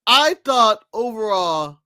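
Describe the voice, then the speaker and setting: Male podcast co-host, high bright voice, dry close sound, blunt and jokey. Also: sing-song, takes it slowly, smooth, dry recording. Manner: blunt, joking, swears freely. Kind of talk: casual wrestling podcast chat.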